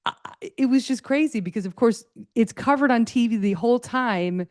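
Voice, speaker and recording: A middle-aged woman hosting a casual solo podcast, talking excitedly in a loose, rambling way with lots of fillers and restarts. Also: on the high side, moderate pace, no room sound, studio quality. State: a little choked up, tired. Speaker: podcast host.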